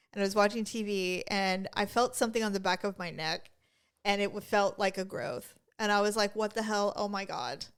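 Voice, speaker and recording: Woman co-host, chatty storyteller who voices the people she quotes; smooth, clean tone. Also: on the high side. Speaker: podcast co-host. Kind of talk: casual chat.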